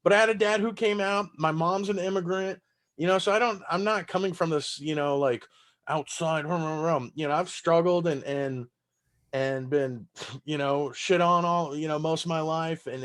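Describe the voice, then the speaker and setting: Southern-accented comedian, slightly high voice. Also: male voice, fairly even intonation, moderate pace, fairly bright tone. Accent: Southern American. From Texas. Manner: loose, profane, laughing storyteller. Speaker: stand-up comedian guest. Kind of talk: casual podcast chat.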